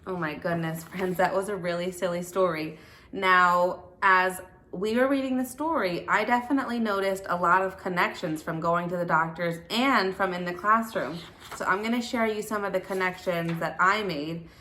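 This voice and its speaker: A woman teacher reading a children's picture book aloud to her class, animated and playful. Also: fairly low pitch, normal speed, slight background noise. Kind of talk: read-aloud storytelling for children.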